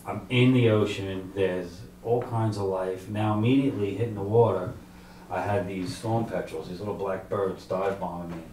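A middle-aged man tells his own story at a library author talk, conversational and halting, with many fillers, acting out his own thoughts. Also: sits low, fairly even intonation, mellow, slight background noise. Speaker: author and fisherman telling his survival story. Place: library event room. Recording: echoey room, distant mic.

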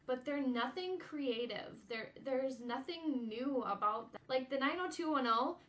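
A woman's voice: a little high, a bit bright. A young American woman vlogging in casual chat, bubbly and rambling as she gushes to camera. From United States. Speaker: vlog channel regular.

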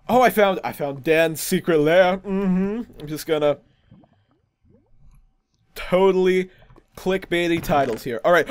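A male gaming host chatting casually over gameplay, excitable and self-mocking about his own bad jokes. His voice sits fairly high for a man. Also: normal speed.

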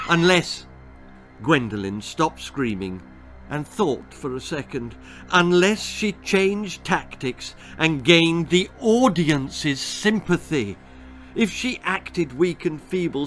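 A male author reads a children's story with slow, unhurried delivery, savoring every grotesque detail. His voice is bright and pitched a little high for a man. Faint music sits softly underneath the reading. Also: poor audio. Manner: relishing, darkly comic storytelling.

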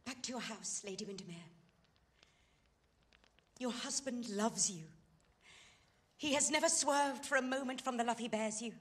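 A woman's voice: sits high, fast talker, few pauses, a bit bright. An actress playing a fallen society woman who pleads urgently and with passion in a stage play scene. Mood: pleading. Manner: impassioned, pleading.

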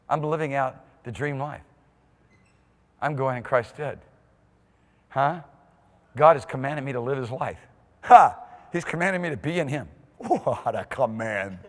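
A male pastor preaching a sermon in a church, swinging from quiet asides to whoops and shouts. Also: medium pitch. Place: church sanctuary. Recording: long hall reverb in a church.

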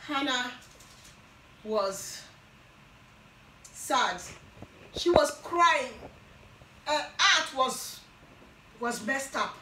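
A woman preaching a Bible teaching sermon, slow and emphatic, often repeating and restarting her phrases. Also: high voice, animated, pushed and bright, echoey room, far from the mic, slight background noise, poor audio.

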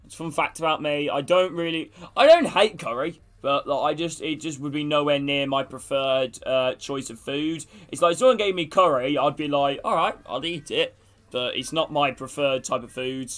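Hyped lad streaming a football game. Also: male voice, fairly high pitch, normal speed. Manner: energetic hype and greetings to chat, swearing casually. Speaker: gaming streamer. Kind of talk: live gameplay chat with viewers.

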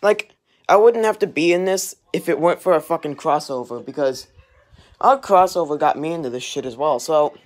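A man's voice: fairly high pitch, moderate pace. A young man ranting in a casual vlog while doing dishes in his home kitchen, angry and rambling, swearing often, recorded on a handheld camera as he walks around. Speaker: vlogger. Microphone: handheld camera, walking around.

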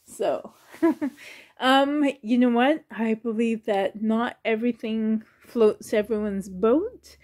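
A woman's voice: a little high, takes it slowly, darkish tone. A woman in her thirties talking casually on her vlog, sensitive and near tears, laughing nervously as she speaks. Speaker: reborn doll collector and YouTuber.

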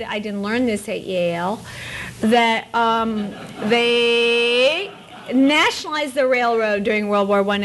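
A middle-aged woman giving a public lecture as an author, with a lively, wry, digressive manner and playful asides. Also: on the high side. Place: presidential library auditorium.

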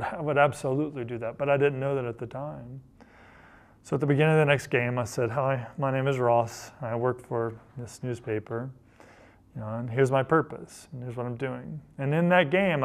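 A middle-aged man, a photojournalist, telling personal stories in an earnest, reflective way, often repeating phrases as he gathers his thoughts. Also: medium pitch. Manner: earnest, repeats phrases while thinking, quotes others in passing.

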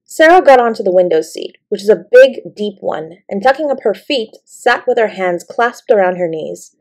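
A woman narrating a bedtime story in a gentle, expressive way. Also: medium pitch, moderate pace. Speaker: audiobook narrator.

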